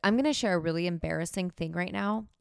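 A woman's voice: on the low side, quick pace, creaky, smooth, dry recording, clean studio sound. A woman hosting a podcast, talking frankly and chattily about herself in a candid self-help monologue. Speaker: podcast host.

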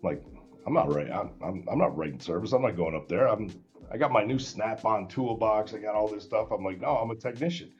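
A man guest on a podcast, telling a story in a casual, animated way and acting out the dialogue with many restarts. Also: lowish voice, fairly quick, dull audio, faint music behind.

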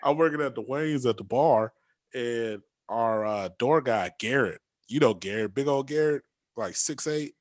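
Young guy, animated storyteller, does the voices, laughs a lot, dry close sound. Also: mid-range voice, unhurried, dry recording. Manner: animated storyteller, acts out quotes, laughs often. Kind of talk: casual chat.

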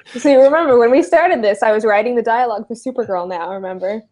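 Female co-host, slightly high voice, playful and animated chat. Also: fast talker. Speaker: podcast co-host. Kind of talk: casual podcast chat.

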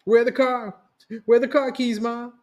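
A man's voice: fairly high pitch, expressive, measured pace. A man reading a story voices a young man, blunt and grudging with his family.

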